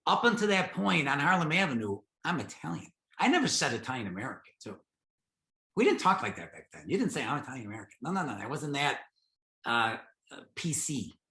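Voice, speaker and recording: Animated man telling stories. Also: a little high, brisk. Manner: animated, acts out his own dialogue. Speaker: interviewee, podcast host. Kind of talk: oral history storytelling. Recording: roomy echo.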